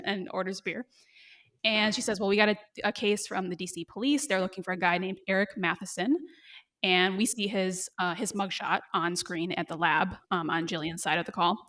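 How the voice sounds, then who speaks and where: A woman co-hosting a podcast, recapping a TV episode in casual chat, with fillers and quick laughs. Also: mid-range voice, fairly bright tone.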